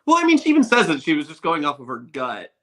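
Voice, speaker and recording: A man chatting casually as a podcast guest over a video call, animated and quick, with many fillers. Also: on the high side. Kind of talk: casual chat.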